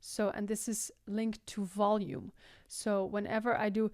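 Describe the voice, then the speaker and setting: A young Limburg-accented singing teacher from the Netherlands walks through vocal technique in a tutorial with sung demonstrations, often pausing to ask "right?". Her mid-range voice is darkish and level, at a measured pace, in a dry, clean studio recording.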